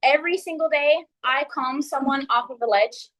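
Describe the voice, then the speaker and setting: A woman's voice: high voice, moderate pace, fairly bright tone, poor audio. A young woman with a Texan accent giving a friendly, earnest ice-breaker speech at a public speaking club. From San Antonio, Texas. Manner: friendly, earnest, laughs between points. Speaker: Toastmasters speaker.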